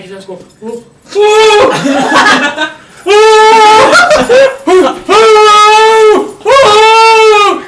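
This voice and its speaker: A man's voice: high voice, fairly bright tone, a little hiss or hum. A man telling a story casually to friends, laughing through his words and swearing freely. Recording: echoey room, far from mic, chatter around.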